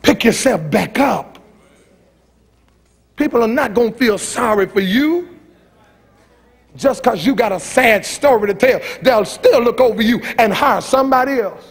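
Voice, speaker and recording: High, gravelly preacher man. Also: animated, unhurried, pauses often. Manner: fiery, folksy preaching that swings from loud shouts to low, teasing asides. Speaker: pastor. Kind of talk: sermon. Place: church sanctuary.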